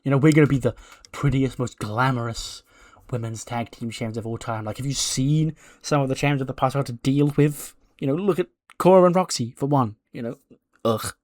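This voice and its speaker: A man's voice: medium pitch, a little fast, darkish tone, no room sound, studio quality, natural voice. A man doing a vain, catty woman wrestler. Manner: gushing, catty.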